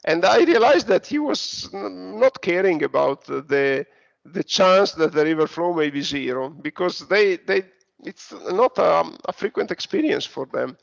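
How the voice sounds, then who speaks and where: Man, Italian accent, lecturer, slow and hesitant with fillers, gravelly, dull lo-fi recording. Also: high-pitched, animated. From Italy. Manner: hesitant, many fillers and restarts. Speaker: university lecturer. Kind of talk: online lecture.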